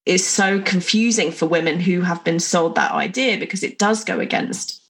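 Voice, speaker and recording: A woman's voice: fairly low pitch, moderate pace, fairly bright tone. A woman hosting a podcast, chatting casually in a curious, musing way. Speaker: podcast host. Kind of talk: casual interview conversation.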